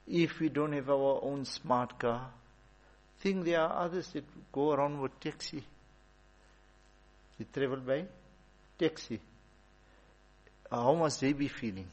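Guy teaching a religious class, kinda husky, chatty storyteller. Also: mid-range voice, unhurried, long pauses, rough recording. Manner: storytelling, conversational, repeats points for emphasis. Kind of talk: informal Islamic talk.

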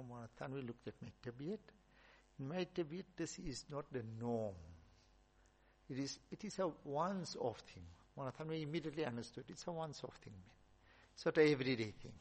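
A man, a religious teacher, giving a storytelling sermon with emphatic rises and soft asides. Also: on the high side.

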